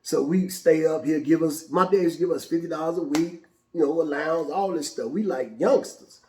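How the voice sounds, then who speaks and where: A male host telling a personal story in an animated, casual, profane way, with frequent restarts. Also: a little high, brisk, roomy sound, a little hiss or hum. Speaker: show host.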